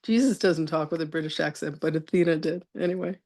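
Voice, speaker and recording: A woman hosting a spiritual interview, affirming her guests and telling lively stories with laughter. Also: low voice, fast. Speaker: host.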